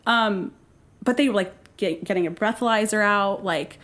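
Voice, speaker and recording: A young woman telling a story in casual podcast chat, acting out quotes in an animated way and laughing often. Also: medium pitch, moderate pace.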